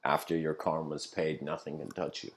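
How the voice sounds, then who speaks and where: A man's voice: a bass voice, steady tone, moderate pace, a little hiss or hum. Man telling a spiritual story casually. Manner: loose and conversational, many fillers and restarts, laughs at his own asides. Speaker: speaker giving a spiritual talk.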